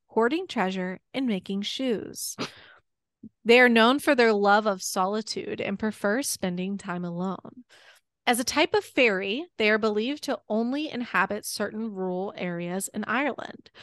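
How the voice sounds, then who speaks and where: A young woman co-hosting a podcast, chatting playfully and reading out her research notes in an even narrating tone. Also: medium pitch, no echo, clean studio sound. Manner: playful, laughs often, reads facts in an even narrating tone. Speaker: podcast co-host.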